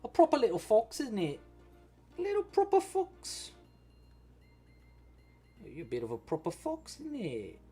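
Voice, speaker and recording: A cheeky mock Cockney voice coos over a little toy fox, as a man hams it up. It bounces high and playful, all exaggerated charm, with soft music faint behind. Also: huge pitch swings, a little slow, pauses often, full character voice. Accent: fake Cockney English.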